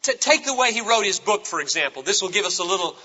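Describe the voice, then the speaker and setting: A man preaches a sermon and reads from scripture in a fairly high, sharp, bright voice. He stresses key words hard and swings his pitch up and down. The sound is an old tape recording that rings with long reverb in a large sanctuary. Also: animated, fast talker. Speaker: pastor.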